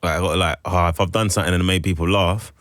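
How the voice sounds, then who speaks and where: A man with a London accent talks quickly in a casual radio interview, piling up slang and filler words as he rambles. His voice sits fairly low and the studio sound is dry and close. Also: fairly even intonation, fairly bright tone, dry recording. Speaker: guest actor.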